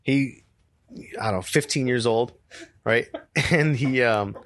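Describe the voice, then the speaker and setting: A man's voice: mid-range voice, slow, fairly bright tone, a little hiss or hum. A middle-aged man co-hosting a podcast, telling a long story in casual chat and swearing freely. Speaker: podcast co-host.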